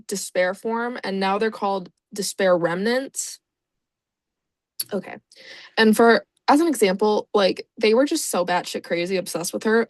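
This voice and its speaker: A woman's voice: mid-range voice, dry recording. A woman casually explaining in a vlog, rambling and sarcastic and swearing freely. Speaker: video creator.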